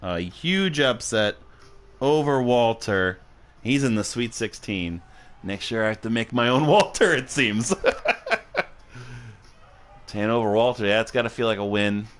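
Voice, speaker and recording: A man's voice: mid-range voice, unhurried, long pauses, fairly bright tone. A man hosting a livestream, casually commentating a video game match, rambling and joking, laughing often and swearing, a little tipsy and punchy.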